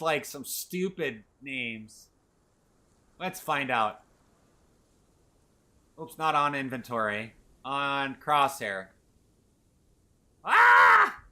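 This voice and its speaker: A man's voice: on the high side, bright, forceful tone. A man streaming a video game, rambling playfully to his chat as he plays. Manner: rambling, playful, talks to chat while playing. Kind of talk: casual gameplay commentary.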